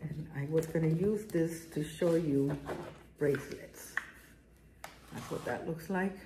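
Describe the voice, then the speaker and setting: A woman's voice: sits low, takes it slowly, mellow. Chatty middle-aged woman, echoey garage. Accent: strong non-native accent. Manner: chatty, rambling, enthusiastic. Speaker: jewelry vlogger. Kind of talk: casual haul vlog. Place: home garage workspace. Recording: echoey room, faint noise.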